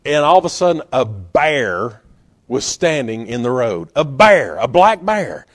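A man preaching a sermon in a folksy, storytelling way, acting out scenes with sudden loud bursts. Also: medium pitch, sing-song, unhurried.

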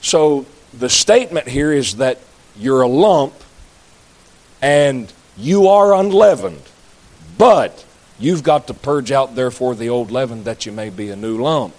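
A man's voice: mid-range voice, expressive, measured pace, a little mellow. A man preaching a sermon, folksy, with jokey asides to the congregation. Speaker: pastor.

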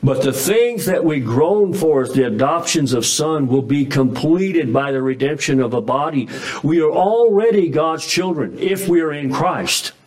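A man's voice: a little high, expressive, measured pace, low-quality recording. A man preaching a sermon in a folksy, emphatic way, with frequent restarts and chuckles. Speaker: pastor.

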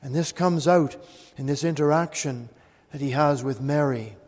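A man preaching a sermon, swinging from loud emphatic peaks down to hushed, low tones. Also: moderate pace. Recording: long hall reverb.

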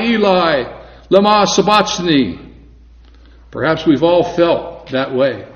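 Man, preacher, sermon, earnest and measured, fairly high voice, echoey room. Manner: earnest, measured preaching with slow emphatic quotes. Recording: echoey room, dull lo-fi sound.

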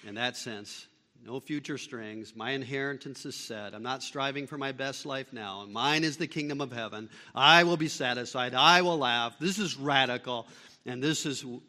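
A male pastor preaching a sermon, shifting between loud emphatic bursts and quiet low passages. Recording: long reverb of a large hall.

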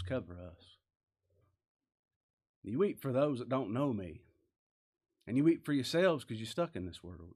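A man preaching a sermon, earnest and emphatic, with many rhetorical questions. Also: medium pitch.

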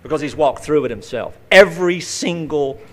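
A man's voice: fairly high pitch, moderate pace, fairly bright tone. A male pastor preaching a conversational sermon, telling folksy stories with vivid acted-out asides.

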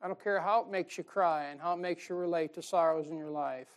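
A man with a slightly high voice preaches briskly in a folksy, emphatic way. He laughs at his jokes and alternates loud stresses with soft asides.

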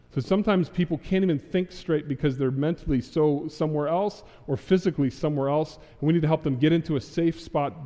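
A man's voice: on the high side, a little fast, few pauses, mellow, in a large hall. A man preaching a sermon, acting out Bible figures in casual modern speech. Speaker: pastor. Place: church sanctuary.

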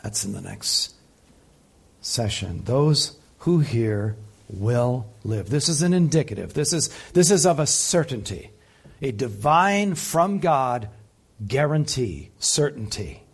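A man preaching a sermon, impassioned, swinging between loud peaks and soft, quiet passages. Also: mid-range voice, sing-song, unhurried, creaky, slightly rough. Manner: impassioned, rising loud then dropping soft. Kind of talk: sermon teaching.

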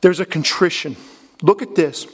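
A man preaching a sermon in an earnest, impassioned way, with dramatic pauses. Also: fairly high pitch, slightly rough. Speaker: pastor.

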